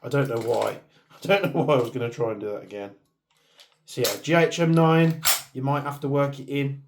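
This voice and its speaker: Brisk and medium-pitched, this airsoft channel host chats casually through a hands-on product test, muttering under his breath while operating the gear. Background noise is clearly present.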